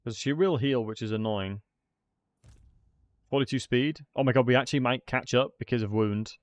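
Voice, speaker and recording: A man's voice: medium pitch, normal speed, no echo. A man giving casual commentary while playing a strategy game, chatting and thinking aloud. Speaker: gaming streamer.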